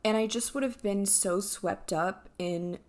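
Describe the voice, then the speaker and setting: Slow, soft-spoken woman in her twenties. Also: medium pitch. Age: 20s. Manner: soft-spoken, halting, many fillers. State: emotional, near tears. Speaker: vlogger. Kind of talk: reflective personal vlog.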